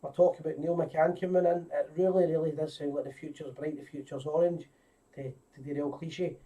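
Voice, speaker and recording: Scottish guy running a live fan stream, bit high voiced, rambly and chatty, mic a wee bit far off. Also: steady tone, fairly quick, warm tone. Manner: chatty, greets viewers by name, rambling with restarts. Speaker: host of a live fan show. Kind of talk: casual live-stream chat.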